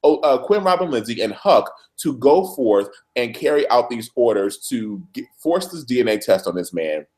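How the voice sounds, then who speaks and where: A man co-hosting a TV recap chat, telling the plot in a lively way and acting out the characters' lines. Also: mid-range voice, moderate pace, few pauses. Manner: lively storyteller who puts on voices for characters. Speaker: recap show co-host. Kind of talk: animated casual chat, acting out scenes.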